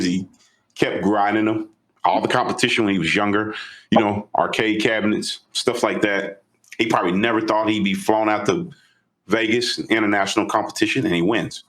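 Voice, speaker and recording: Podcast co-host, male, lower register, animated casual storyteller. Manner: animated, retelling with excitement.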